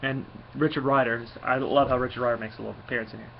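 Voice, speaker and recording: A man talks through a casual review in a loose, rambling way, full of small fillers and restarts. His voice sits at an ordinary middle pitch. The recording is a bit dull and lo-fi, with a faint hiss underneath. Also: steady tone, racing, gravelly. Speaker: comic book reviewer.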